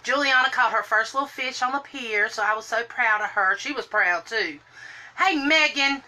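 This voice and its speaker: A woman's voice: a little high, normal speed, bright, forceful tone. A woman, chatting on a live stream while doing her makeup and greeting viewers by name in a sing-song lilt. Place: home room, indoors.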